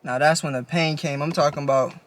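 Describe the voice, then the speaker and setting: A man's voice: fairly high pitch, steady tone, brisk, a little hiss or hum. A young man telling a story on his own vlog channel in a laid-back, slangy, casual way. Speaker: YouTuber.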